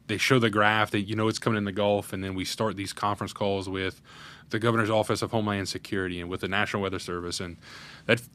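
Interviewed on a podcast, a Louisiana parish president in his 30s candidly and earnestly walks through a crisis in detail. His fairly low voice has a slightly bright quality.

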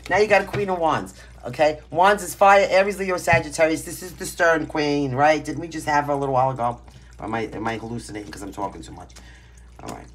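A deep-voiced woman talks at a quick pace. She reads tarot casually from home, pets nearby, bringing a Brooklyn accent and a blunt, brash, emphatic delivery that fits her Brooklyn, New York roots.

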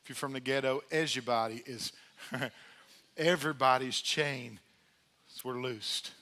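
A man preaching a sermon in church, conversational and energetic, calling out to the congregation. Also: medium pitch, a little slow. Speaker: pastor. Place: church sanctuary.

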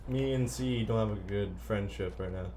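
A man's voice: lowish voice, moderate pace, dark tone, slight background noise. A man streaming a video game, chatting playfully and answering his viewers' chat as he plays. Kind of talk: casual live-stream chat.

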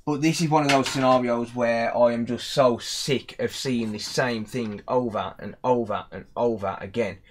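Brief: young West Midlands man, repair tech vlogger, irritated rant, mid-pitched voice. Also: steady tone, moderate pace, few pauses, noisy background. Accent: West Midlands English. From England. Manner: annoyed, ranting, repeats himself. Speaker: electronics repair technician. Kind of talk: casual vlog commentary.

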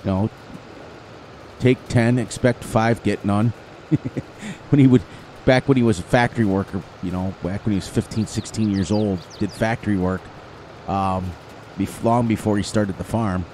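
Man, upstate New York accent, mellow dark tone, casual game commentary, faint outdoor noise behind. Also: on the low side, steady tone. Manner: chatty, quick to laugh, sings snatches of songs. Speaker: gaming channel host.

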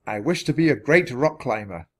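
A man's voice: mid-range voice, lively intonation, normal speed, natural voice. A man voicing a cautious, sensible young boy in a storybook, careful and reasoning in his talk. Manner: careful, reasoning, urgent when calling.

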